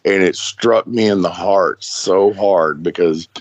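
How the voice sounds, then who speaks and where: A man's voice: sits low, slow pace, no room sound. A middle-aged man hosting a podcast interview, friendly and open, laughing often and stumbling over repeated words. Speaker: podcast host. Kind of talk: casual interview chat.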